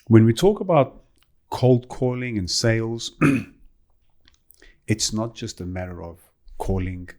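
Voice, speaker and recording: A man with a somewhat low voice hosts a relaxed interview podcast. He backs up his guest with quick yeahs and then lays out his own points at length. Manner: affirming, interjects with short agreements, explains at length. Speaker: podcast host. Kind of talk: casual conversational interview.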